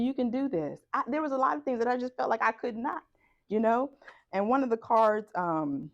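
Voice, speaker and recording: A woman's voice: mid-range voice, muffled recording. A woman presenter sharing a personal story at a conference session, acting out the dialogue as she goes. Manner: animated storytelling, acts out dialogue.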